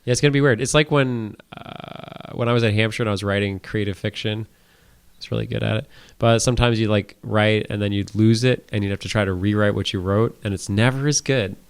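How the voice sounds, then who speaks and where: A man's voice: lowish voice, steady tone, fairly quick, gravelly, smooth. A man co-hosting a casual comedic podcast, crude and teasing, talking on a phone line. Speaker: podcast co-host.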